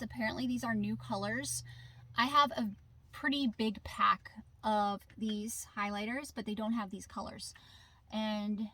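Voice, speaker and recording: A woman's voice: mid-range voice, sharp tone. A woman filming a casual show-and-tell vlog inside her car, talking in a chatty, conversational way. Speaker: vlogger. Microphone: camera in the car.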